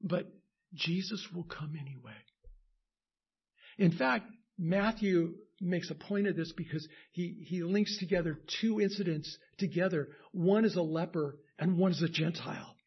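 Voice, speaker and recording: A male pastor with a slightly high, husky voice delivers a sermon in halting stretches full of fillers and restarts. He builds to emphatic, insistent peaks. The recording sounds dull and lo-fi.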